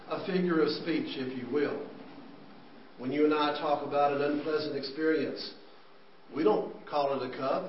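A man preaches an earnest, explanatory sermon, his voice sitting a little high. He is picked up from a distance in a reverberant church hall, so the sound comes across dull and muffled. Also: slight background noise. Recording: echoey room, distant mic, dull sound.

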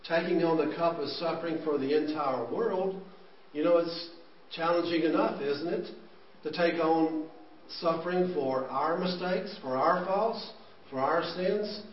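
Preacher in an echoey church. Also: male voice, a little high, measured pace, a little hiss or hum. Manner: earnest, explanatory preaching with scripture readings. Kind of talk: sermon. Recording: echoey room, distant mic, dull sound.

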